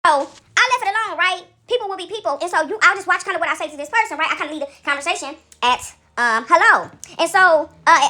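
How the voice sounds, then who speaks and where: A woman's voice: very high-pitched, pushed and bright. A woman vlogger, ranting casually to viewers, emphatic and profane, tagging "right?" onto her sentences.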